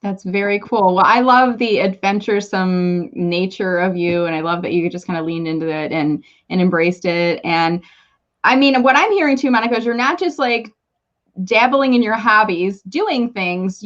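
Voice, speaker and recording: A woman's voice: mid-range voice, normal speed, muffled recording. A woman hosting a casual live video interview, chatty and encouraging, often restarting her sentences as she thinks aloud. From Michigan, United States. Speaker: host.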